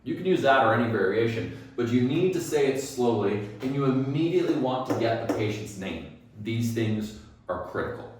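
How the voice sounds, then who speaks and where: A man coaches dental staff on phone skills, speaking emphatically at normal speed in a mid-range, slightly mellow voice with lively intonation, asking and answering his own questions. He's recorded from a distance in a very echoey room, with slight background noise.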